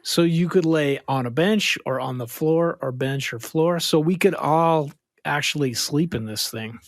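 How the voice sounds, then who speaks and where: A man's voice: a little high, unhurried, no echo, clean studio sound. A man co-hosting a casual podcast, telling a rambling story in a playful, joking way. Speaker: podcast co-host.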